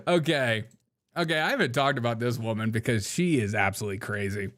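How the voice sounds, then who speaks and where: A man's voice: mid-range voice, expressive, moderate pace, pauses often, a bit bright. Joking male commentary host. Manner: joking, laughs often, mock-quotes people. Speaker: show host. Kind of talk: casual political commentary.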